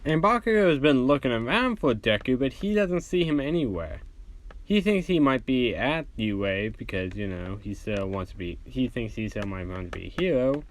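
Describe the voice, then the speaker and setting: A man's voice: mid-range voice, expressive, normal speed. A man casually telling a fan-fiction story, rambling and using lots of fillers.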